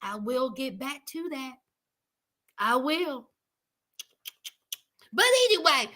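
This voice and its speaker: A woman's voice: high voice, expressive, slow, pauses often, sharp tone. A woman giving a sassy, emphatic casual recap of a reality TV show.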